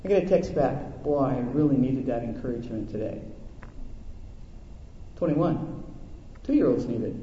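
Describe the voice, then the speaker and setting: A man's voice: medium pitch, lively intonation, moderate pace, long pauses, a little hiss or hum. A middle-aged male pastor preaching a sermon, telling stories in a folksy, conversational way. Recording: echoey hall, dull lo-fi sound.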